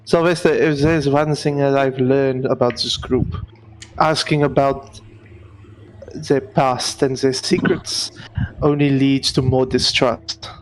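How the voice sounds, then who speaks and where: A man playing a tabletop game, speaking in character at a measured, even pace. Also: mid-range voice, a little hiss or hum, poor audio. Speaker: player. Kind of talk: tabletop role-play.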